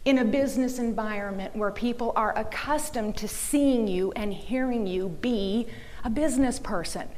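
A woman's voice: on the high side, normal speed, a little mellow. A woman giving an earnest, emphatic talk to a church audience, sometimes dropping into a mocking whisper. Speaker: speaker. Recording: reverberant hall.

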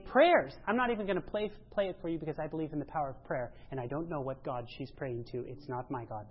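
A woman giving a sermon-style church presentation, emphatic, rising to loud exclamations and dropping low. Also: quick pace, breathy edge. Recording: dull lo-fi sound.

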